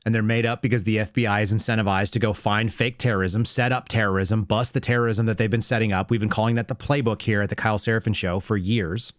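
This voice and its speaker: A man's voice: lowish voice, steady tone, fast talker, hardly any pauses, no room sound, studio quality. A man hosting a political podcast, talking in a blunt, sarcastic way. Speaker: podcast host. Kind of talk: casual political commentary.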